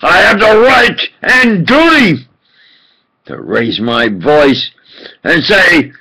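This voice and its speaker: A man delivering an impassioned political rant as a self-styled preacher, swinging from low muttering to shouted outbursts and repeating himself for emphasis. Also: sing-song, takes it slowly, slightly rough, low-quality recording. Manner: repetitive, emphatic.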